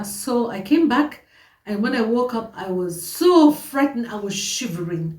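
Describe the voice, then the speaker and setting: Animated woman telling a story, roomy echo. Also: medium pitch, far from the mic. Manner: animated, repetitive, emphatic storytelling. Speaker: vlogger. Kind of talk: personal storytelling to camera. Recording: roomy echo, voice set back from the mic.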